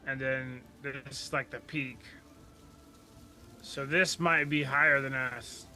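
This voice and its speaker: A man talking casually as a player in a tabletop game, thinking out loud as he works things out. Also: mid-range voice, fairly even intonation, slow pace. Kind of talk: casual chat while playing a tabletop game.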